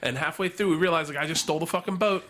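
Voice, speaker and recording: A man's voice: a little high, very fast, fairly bright tone. A man, a guest on a podcast, telling a long profane anecdote in casual chat, full of restarts.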